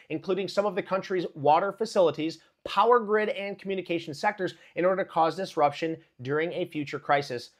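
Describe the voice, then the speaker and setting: Hyped high-voiced stock streamer. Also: male voice. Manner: hyped, chatty, greets viewers by name. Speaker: livestream market commentator. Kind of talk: live-streamed market news chat.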